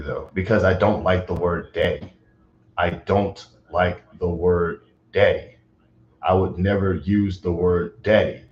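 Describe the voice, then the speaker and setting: A man's voice: deep voice, steady tone, measured pace, darkish tone, a little hiss or hum. A man livestreaming, talking agitatedly and rambling with lots of fillers. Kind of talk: casual livestream chat. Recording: roomy, dull lo-fi sound.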